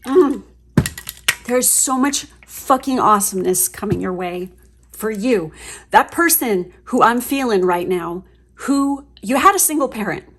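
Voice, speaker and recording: A woman giving a casual tarot reading to her viewers, chatty and gushing, swearing freely as she gets excited. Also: fairly high pitch, measured pace, slightly rough. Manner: chatty, with fillers and trailing asides. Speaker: tarot reader.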